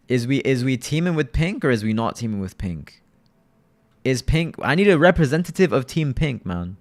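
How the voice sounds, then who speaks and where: A young man chats loosely with viewers while streaming a game, repeating himself and calling everyone "bro." His medium-pitched voice is animated and fairly quick.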